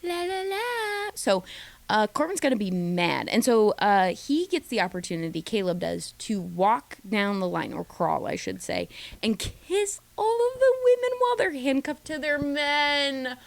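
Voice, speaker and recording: A woman recapping a reality dating show in a chatty, gossipy way, slipping into quick mimicked voices of the cast. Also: a little high, animated, creaky, no echo. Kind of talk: casual recap commentary.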